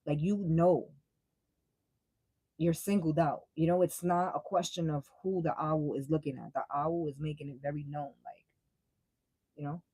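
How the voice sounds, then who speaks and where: Husky-voiced woman reading tarot. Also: low-pitched, fairly even intonation, moderate pace, long pauses, dark tone, no room sound, rough recording. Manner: blunt, profane, slangy and laughing. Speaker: tarot reader. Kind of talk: casual live tarot reading.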